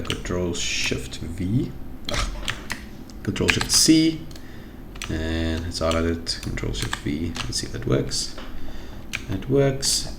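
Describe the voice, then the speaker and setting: Deep gravelly South African man. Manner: thinking aloud while clicking through menus. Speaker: tutorial host. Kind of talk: screen-recorded software tutorial. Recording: echoey room with noise and keyboard typing.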